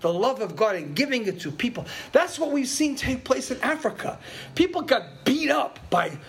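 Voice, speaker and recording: A man's voice: moderate pace, slight background noise. Older guy preaching, storytelling, voice jumps all over, laughs a lot. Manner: animated storytelling, swings from low murmurs to loud exclaims; laughs often, chatty asides to the congregation. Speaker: pastor. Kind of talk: sermon.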